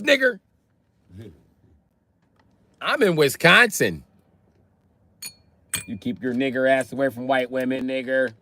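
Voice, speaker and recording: A young man from the Chicago area chatting casually with viewers on a phone livestream, rambling and profane with streetwise slang. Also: mid-range voice. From Chicago area, USA. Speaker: livestream host.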